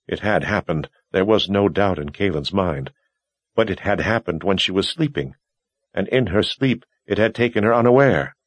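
A man narrating a novel in a measured, even storytelling manner. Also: low voice, breathy edge, dry recording. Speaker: audiobook narrator. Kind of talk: scripted narration.

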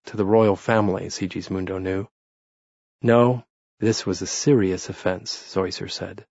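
Husky, low-voiced male audiobook narrator. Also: a little mellow, no room sound, dull audio. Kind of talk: scripted narration.

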